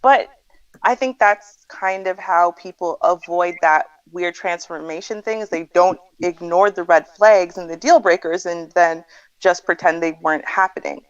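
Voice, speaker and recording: A woman's voice: on the low side, measured pace, smooth, no room sound. Thoughtful female co-host, dull audio. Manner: thoughtful, explanatory. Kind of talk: livestream advice chat.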